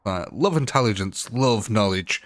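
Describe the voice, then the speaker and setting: A man's voice: lowish voice, animated, normal speed, dry recording. A man hosting a live gaming stream, chatting playfully with viewers on a close microphone. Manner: chatty, playful, jumps between silly and serious. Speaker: livestream gaming host. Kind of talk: casual live-stream chat. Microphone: close desk microphone.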